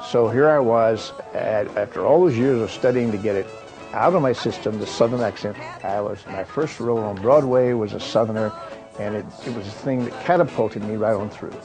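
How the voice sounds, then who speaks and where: Gravelly-voiced older man reminiscing. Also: lowish voice, brisk, over music. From Kentucky. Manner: rambling, with frequent fillers and restarts. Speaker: retired actor recalling his career. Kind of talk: reminiscing monologue.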